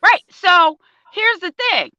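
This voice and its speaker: A woman's voice: extremely high pitch, slow, no room sound, muffled recording. An older woman, a parent advocate, telling a story in casual talk and acting out the quoted voices. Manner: animated storyteller, acts out quotes.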